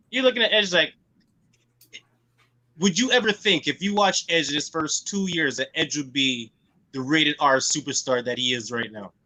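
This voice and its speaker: A man co-hosting a casual wrestling podcast, eager and quick to jump in with questions. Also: fairly high pitch, bright, forceful tone. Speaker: podcast co-host.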